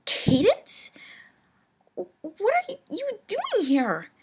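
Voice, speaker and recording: A woman with a cold voicing an earnest, anxious young female alicorn pony in a storybook reading, her voice raspy. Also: extremely high pitch, expressive, unhurried, voice pushed up. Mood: startled. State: sick with a cold.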